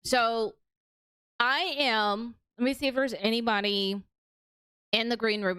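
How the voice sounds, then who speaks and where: A woman's voice: mid-range voice, measured pace, a bit bright, clear, resonant tone, dry recording. A young woman streaming casual reaction commentary, talking in a chatty, mocking way with lots of fillers.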